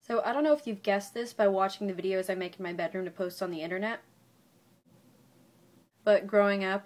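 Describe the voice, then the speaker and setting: Young woman goofing around explaining poetry in her bedroom vlog, jokey and self-mocking. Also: mid-range voice. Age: young adult. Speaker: vlogger. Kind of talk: casual educational vlog.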